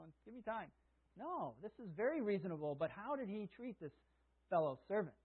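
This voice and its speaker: A man with a high-pitched, husky voice delivers a sermon, reading scripture and then explaining it in easy, conversational asides. The sound is thin and tinny, like a phone call. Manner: conversational preaching, reads scripture aloud, chuckles at own asides. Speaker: preacher.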